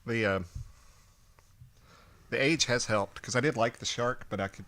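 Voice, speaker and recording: A man's voice: mid-range voice, moderate pace, a bit bright. A man co-hosting a casual podcast, easygoing and wisecracking. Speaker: podcast co-host. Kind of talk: casual chat.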